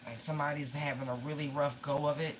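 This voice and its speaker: A woman's voice: sits low, fairly even intonation, quick pace, slight background noise, poor audio. A woman giving a casual tarot reading, emotional and pleading, swearing freely and calling her listeners y'all. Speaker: tarot reader.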